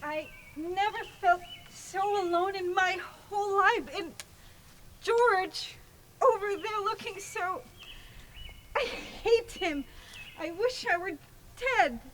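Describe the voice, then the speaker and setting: A woman's voice: very high voice, animated, normal speed, slight background noise. A woman acting a frightened young bride in an amateur stage play, speaking in a shaky, pleading way.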